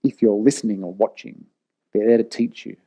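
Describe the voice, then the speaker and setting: A man's voice: lowish voice, steady tone, fairly quick, warm tone. A man in his forties, a leadership speaker telling personal stories in a frank, casual and blunt way. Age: 40s. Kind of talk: candid personal talk to camera.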